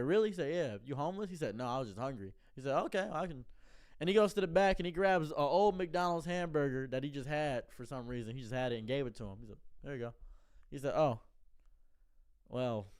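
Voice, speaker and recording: A man telling a comedic story in a deadpan way, repeating words as he starts sentences and acting out the other people in lower, quieter voices.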